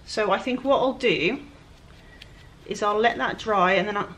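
Out in a fly-filled work area, a Welsh-accented woman paints furniture and narrates a casual DIY vlog, chatting to viewers in a self-deprecating way. A furniture flipper, she speaks at a moderate pace in a medium-pitched, fairly bright voice, and the audio is poor.

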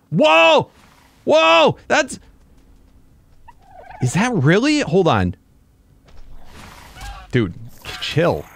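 A young man giving excitable let's-play commentary, yelping and groaning at mishaps while playing a game. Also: fairly high pitch. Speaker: gaming YouTuber.

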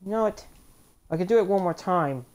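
A woman with a fairly low voice gives casual let's play commentary. She grumbles in exasperation at the game and breaks into sudden outbursts now and then. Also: lively intonation, fairly quick, a little mellow.

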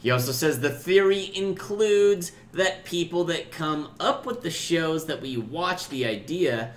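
A man's voice: fairly high pitch, animated, unhurried, reverberant, a little hiss or hum. A man co-hosting a podcast in casual chat, joking around and reading viewer comments aloud.

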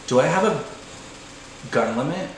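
Playful man with lively pitch swings. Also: a little slow, very echoey, a crowd in the background, low-quality recording. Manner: playful, self-mocking, sudden high-pitched squeals. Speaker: vlogger playing a video game. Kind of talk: casual gaming commentary.

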